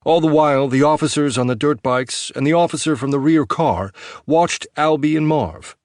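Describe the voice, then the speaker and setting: A man narrating a post-apocalyptic audiobook in a measured, even storytelling voice. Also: a little high, no echo, studio quality.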